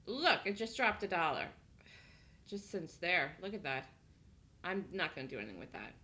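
Bright, lively woman calling trades live. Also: on the low side, moderate pace. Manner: chatty, laughs often, thinks aloud. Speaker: day trading room host. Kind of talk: live trading commentary.

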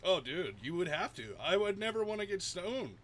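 Lively, bright-voiced laid-back gamer guy. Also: high voice, normal speed. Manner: laid-back, swears often, laughs a lot. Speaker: gaming streamer. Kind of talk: casual chat while gaming.

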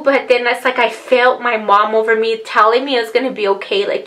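A woman vlogging to her viewers in an earnest, heartfelt and rambling way, speaking softly and slowly as if close to tears. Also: fairly high pitch, fairly even intonation, rough recording. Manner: soft, slow delivery near tears. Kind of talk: personal vlog talk to camera. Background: faint background music.

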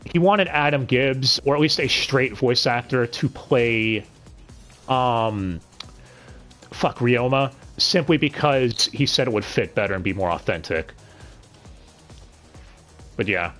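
A man's voice: medium pitch, slow pace, pauses often, a bit bright, soft background music. A man hosting a casual podcast review, blunt and swearing, with sudden bursts of disbelieving exclamation. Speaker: podcast host reviewing an anime dub.

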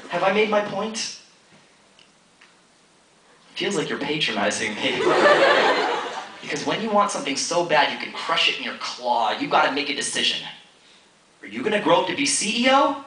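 Man, live spoken-word poet, high lively voice, taunting rhythmic delivery; taped from far back in an echoey hall with crowd noise. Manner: rhythmic, theatrical, teasing. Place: college stage before an audience. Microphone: audience camera from far off.

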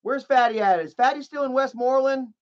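A high-voiced man rants through his livestream commentary, swearing freely and rambling between fillers. The audio sounds dull and lo-fi. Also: brisk. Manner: ranting, profane, rambling with fillers. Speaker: livestream host. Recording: muffled lo-fi audio.

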